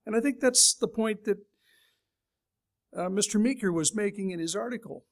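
A middle-aged man from California preaching to his congregation. He tells stories in a folksy, conversational way, and his voice sits a little higher than most men's. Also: moderate pace. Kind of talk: sermon.

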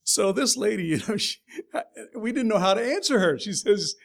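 A man's voice: sits high, lively intonation, moderate pace, creaky. A middle-aged man from California giving a sermon in a folksy, conversational storytelling way. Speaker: preacher.

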